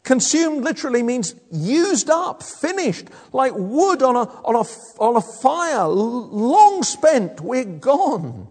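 A middle-aged man preaching a sermon, emphatic, moving between loud declarations and low, hushed lines. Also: big pitch swings, slow pace, few pauses. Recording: echoey hall from a distance.

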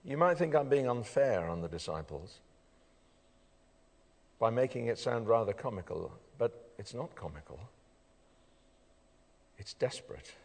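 A man preaching a sermon. He moves between loud emphasis and hushed intensity and keeps asking the listeners questions. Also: lowish voice, creaky, husky. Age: adult, father of children. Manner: animated, swings from loud emphasis to quiet intensity, asks rhetorical questions. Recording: reverberant hall.

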